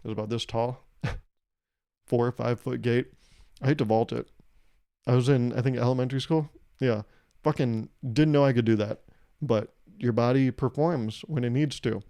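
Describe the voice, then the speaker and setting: A man's voice: mid-range voice, fairly even intonation, moderate pace, pauses often, mellow. A young man hosting a podcast, rambling through a wry comedic monologue and swearing casually. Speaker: podcast host.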